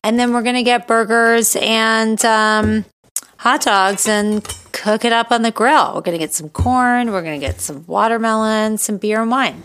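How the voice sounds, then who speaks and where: A woman co-hosting a casual podcast, blunt and teasing, quick to call things gross. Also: fairly high pitch, fairly bright tone, slight background noise. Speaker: podcast co-host. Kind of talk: casual chat.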